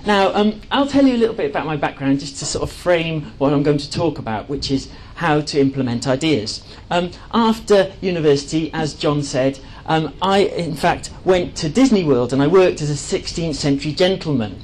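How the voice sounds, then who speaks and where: A man's voice: a little high, animated, normal speed, hardly any pauses, darkish tone, slight background noise, low-quality recording. A man giving an enthusiastic presentation to a live audience, chatty and full of fillers and restarts. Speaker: speaker at a live talk.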